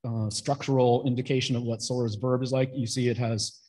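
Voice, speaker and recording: A man presenting research at an academic conference, explaining his findings in a measured way with pauses between points. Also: medium pitch, level tone, mellow, slightly rough, low-quality recording.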